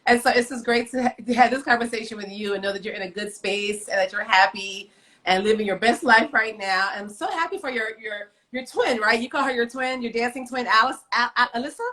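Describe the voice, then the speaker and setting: A woman's voice: on the high side, brisk, bright, forceful tone. A woman hosting a live online talk show, reading a guest's introduction and then chatting effusively, gushing over her guest. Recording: roomy echo.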